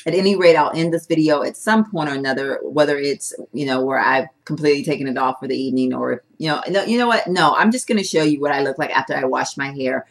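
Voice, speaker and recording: A woman beauty vlogger talking casually and at length while testing makeup, chatty and rambling, and animated. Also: low voice, fast talker, hardly any pauses. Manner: chatty, rambling, animated, talks with her hands. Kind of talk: casual product-testing vlog.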